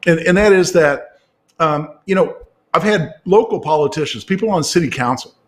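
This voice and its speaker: A middle-aged man from Indiana, a guest commentator in casual political talk, who speaks at length with many fillers and restarts and grows more animated as he makes a point. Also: fairly high pitch, moderate pace. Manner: talkative, with frequent fillers and restarts.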